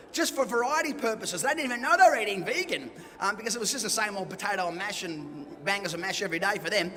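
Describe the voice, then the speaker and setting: A middle-aged man with an Australian accent tells stories from the stage in a chatty, self-deprecating way. His voice sits high for a man and sounds bright and forceful. It rings with the long reverb of a hall. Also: slight background noise. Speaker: event speaker and MC. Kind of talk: personal storytelling talk. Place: event hall.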